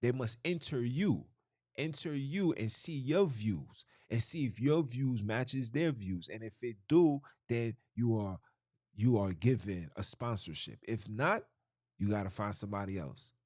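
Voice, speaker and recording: A podcast host with an animated, somewhat mellow mid-range voice speaks unhurriedly over clean, dry studio sound. His monologue is emphatic and preachy, with frequent repetition and restarted phrases.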